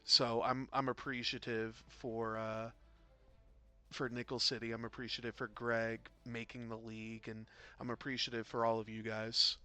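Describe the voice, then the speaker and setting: Man, game caster, bright clear voice, rambling chatty delivery with loud bursts, faint music underneath. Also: mid-range voice, flat delivery, moderate pace. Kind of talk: casual game commentary.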